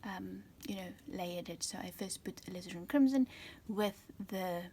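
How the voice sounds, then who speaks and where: Chatty, mellow-voiced woman teaching painting. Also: medium pitch, moderate pace, slight background noise. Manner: chatty, drops to a half-whisper while writing. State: out of breath. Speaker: watercolour art teacher. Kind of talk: casual painting tutorial.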